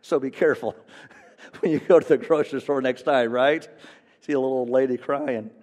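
A man preaching a sermon, swinging between loud emphasis and quiet, earnest stretches and often repeating words. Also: mid-range voice, fairly even intonation, moderate pace, in a large hall. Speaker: pastor.

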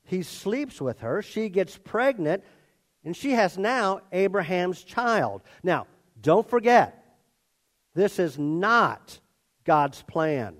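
A man's voice: high voice, takes it slowly. A man preaching a conversational sermon and acting out the characters in his story. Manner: expressive, conversational, acts out characters. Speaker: pastor.

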